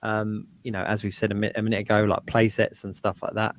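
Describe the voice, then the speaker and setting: A man with a southern English accent, hosting a live stream in a casual, halting way. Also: on the low side, level tone. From southern England. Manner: casual, hesitant, many fillers. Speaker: host.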